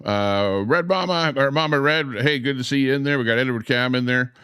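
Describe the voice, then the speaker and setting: A man hosting a livestream outdoors beside trees, chatting in a meandering way with lots of pauses and filler words. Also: medium pitch, bright, forceful tone, clear, resonant tone, no room sound, studio quality. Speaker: livestream host. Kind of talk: rambling casual livestream chat.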